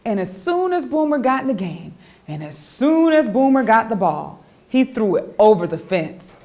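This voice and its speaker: A woman, the author, reading her children's picture book aloud in an expressive, animated storytelling voice. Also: fairly high pitch, normal speed.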